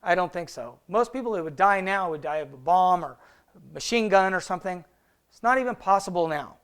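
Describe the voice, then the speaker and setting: In this casual Bible study, a male teacher talks through the verses, throws out rhetorical questions, and slowly reads passages of old scripture. He sounds high-pitched and animated, with a smooth, somewhat bright tone.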